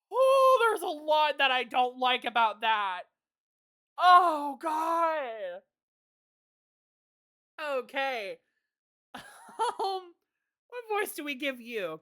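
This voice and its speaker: A woman streamer giving casual, excitable commentary on a game, swearing and laughing often. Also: high-pitched, takes it slowly, long pauses, no room sound, studio quality.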